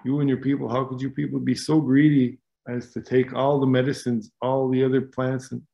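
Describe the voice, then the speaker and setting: A man's voice: mid-range voice, little pitch movement, brisk, creaky, dull audio, close to an everyday voice. A man playing a furious elder hunter. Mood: scolding. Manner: scolding, indignant shouting.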